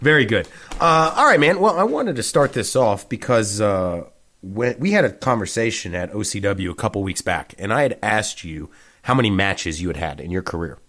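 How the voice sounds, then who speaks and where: An American podcast host introduces his wrestling podcast with a wry showman's flair, then chats casually with a guest in a private home. His voice is on the low side and fairly bright, with lively intonation and normal speed. There's no echo.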